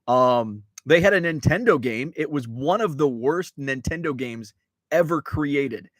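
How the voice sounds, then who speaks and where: A man's voice: medium pitch, expressive, a little slow, fairly bright tone, dry recording. A man hosting a casual live stream, reading chat messages and rambling through stories with plenty of fillers and restarts.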